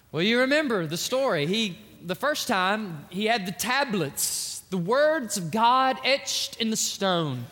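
A man preaching a sermon, swinging from hushed prayer to shouted emphasis. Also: extremely high pitch. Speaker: pastor. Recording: echoey hall with long reverb.

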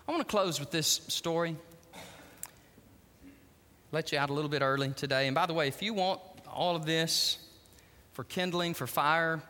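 A middle-aged man preaches a sermon, his voice high and ringing bright. He tells stories dramatically, dropping to a hush and then rising to loud emphasis. The sound carries the long reverb of a big church hall. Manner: dramatic, emphatic storytelling, swinging between hushed and loud. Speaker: pastor. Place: church sanctuary.

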